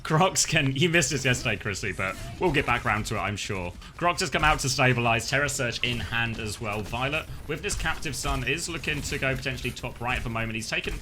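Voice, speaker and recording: A man doing quick play-by-play for a live esports match, laughing easily with his co-caster. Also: mid-range voice, expressive, sharp tone, faint music behind.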